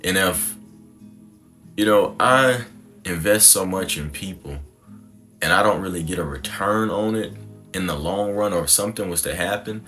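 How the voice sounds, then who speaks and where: A man's voice: low-pitched, normal speed, pauses often, fairly bright tone, soft background music. A young man telling his personal story to the camera in a reflective, conversational, slangy way. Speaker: content creator.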